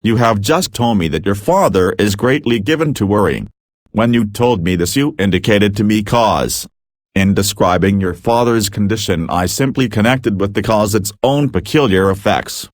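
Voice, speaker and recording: A man reading a book aloud in measured, earnest scripted narration. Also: fairly low pitch, dry recording, clean studio sound. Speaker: audiobook reader.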